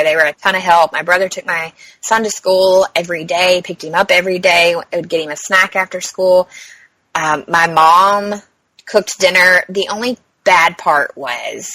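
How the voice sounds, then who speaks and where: Bright, chatty woman telling a story. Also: no room sound, rough recording. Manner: chatty storyteller, acts out quotes with big pitch jumps, swears freely. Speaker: podcast co-host. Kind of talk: casual chat.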